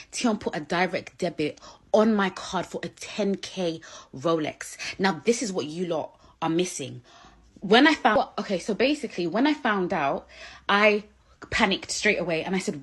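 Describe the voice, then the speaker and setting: A woman in an emotional Instagram rant, crying, shouting and swearing accusations. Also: on the low side, lively intonation, moderate pace, husky. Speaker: person in an online dispute.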